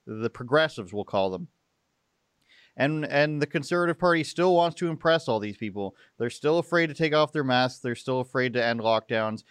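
Sarcastic commentary host. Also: male voice, medium pitch, clean tone, dry recording. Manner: sarcastic, mocking. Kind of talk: opinionated live commentary.

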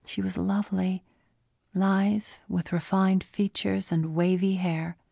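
A woman narrating a story in a hushed, unhurried reading voice. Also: mid-range voice, fairly even intonation, vocal fry, breathy edge, no room sound, studio quality. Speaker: audiobook narrator. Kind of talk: scripted narration.

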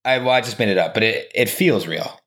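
A man's voice: lowish voice, brisk, a bit bright. A man chatting as a guest on a podcast, playful and teasing, inventing fake facts with a straight face. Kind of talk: casual chat.

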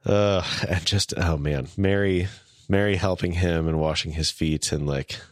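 A man co-hosting a casual podcast discussion, emotional and quick to laugh. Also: low voice, fairly even intonation, no echo, clean studio sound. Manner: warm, emotional, laughs often. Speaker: podcast co-host.

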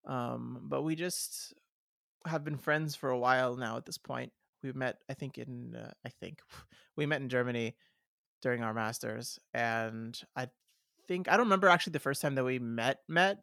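A man's voice: medium pitch, gravelly, a bit bright, no echo. Man, podcast co-host, wry and chatty, dry close mic sound. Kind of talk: casual chat.

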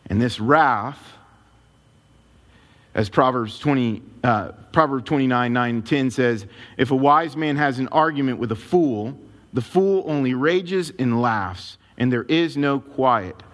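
A man preaching a sermon as a pastor, telling a personal story in an animated, emotional way. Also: medium pitch, unhurried.

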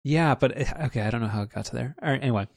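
A man chats on his podcast in a mid-range voice with a gravelly edge. He rambles, restarting phrases and leaning on fillers. The sound is dry and close, with no room around it. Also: mid-range voice, very fast, dry recording. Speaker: podcast host. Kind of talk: casual chat.

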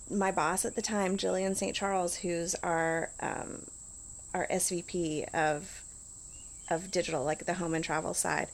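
A middle-aged woman talking casually as an interview guest, full of "like" and restarts. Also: mid-range voice. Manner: chatty, lots of "like" and restarts.

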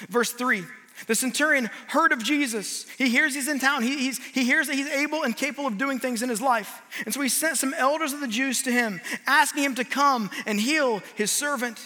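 High, bright-voiced preacher man in hall. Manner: energetic, audience call-and-response. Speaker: guest preacher. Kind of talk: sermon. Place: large hall with audience. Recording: long hall reverb.

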